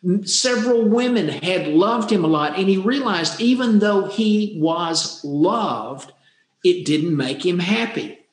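A man's voice: sits high, animated, takes it slowly. Man telling a story in an echoey room. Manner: earnest, repeats words for emphasis. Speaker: speaker on happiness. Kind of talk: storytelling talk. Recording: roomy echo.

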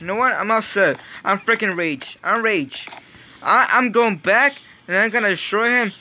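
A man giving Minecraft gameplay commentary, excitable and yelling in frustration. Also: high voice, moderate pace, slight background noise. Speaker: gaming YouTuber.

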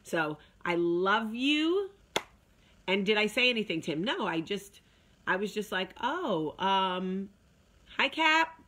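A woman's voice: mid-range voice, lively intonation, a little slow, a bit bright. A woman hosting a casual talk video, chatty and emphatic, talking straight to her viewers. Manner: chatty, emphatic, with sung asides. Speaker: vlog host.

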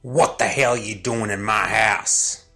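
A man voicing a menacing, mocking old man in a wheelchair, with a slow, booming Texan drawl. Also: fairly even intonation, pushed and bright, husky, faint music behind, heavily acted. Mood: angry.

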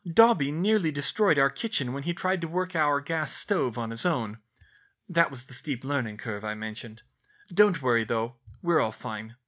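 A man's voice: a little high, a bit bright. A man reading out a letter in the voice of an earnest, caring schoolgirl. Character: bright, earnest schoolgirl witch.

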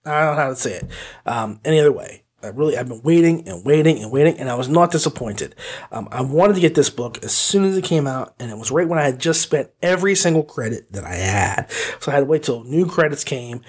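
Goofy guy rambling on his audiobook review podcast, mid pitch, hums fake music. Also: expressive, fast talker, darkish tone, husky. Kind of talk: casual chat.

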